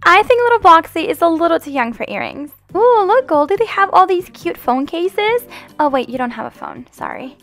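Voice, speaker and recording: A woman hosting a game roleplay as the mom, talking in an animated, playful, motherly coaxing way. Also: extremely high pitch, normal speed. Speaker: host and roleplayer playing the mom. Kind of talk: casual game roleplay chat.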